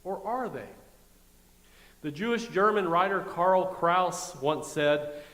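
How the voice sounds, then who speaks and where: A man's voice: sits high, lively intonation, takes it slowly, a bit bright. A middle-aged man with a Midwestern American accent, preaching a sermon in a conversational, wry way, with asides to the congregation. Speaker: pastor. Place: church sanctuary. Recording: echoey church with long reverb.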